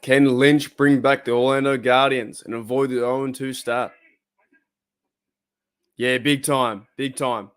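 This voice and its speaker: A man's voice: mid-range voice, a little slow, long pauses, clean tone. A man with an Australian accent hosting a fan watch party, giving casual commentary on the game, cheering and groaning at each play. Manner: excitable, cheers and groans at plays.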